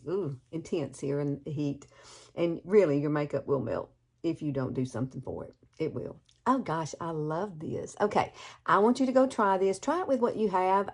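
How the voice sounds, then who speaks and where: Woman, Alabama Southern accent, fifties, folksy chatty makeup tutorial, lowish voice. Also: darkish tone. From Alabama, USA. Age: 50s. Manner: folksy, chatty, calls viewers girl. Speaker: beauty vlogger.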